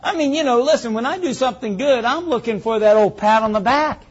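A man's voice: very high voice, a little fast, dull audio, slight background noise. A man preaching a sermon in a folksy, conversational way, calling out to his congregation.

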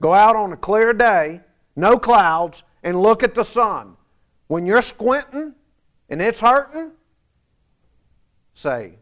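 A male pastor preaching with a high voice at an unhurried pace. He swings between emphatic declarations and quiet, softer asides, putting questions to his congregation. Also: animated. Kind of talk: sermon.

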